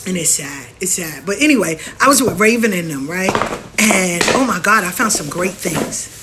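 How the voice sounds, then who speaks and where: A woman's voice: fairly low pitch, animated, normal speed, background noise. A woman hosting her own show, talking frankly and animatedly in a casual monologue, mimicking other people as she rants. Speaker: spiritual practitioner and show host.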